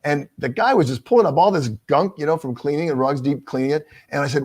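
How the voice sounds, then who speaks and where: A man who works as a TV news anchor, speaking as a guest on a video call and telling lively anecdotes. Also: a little high, fast, few pauses. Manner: animated storyteller, acts out dialogue. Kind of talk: casual video-call interview.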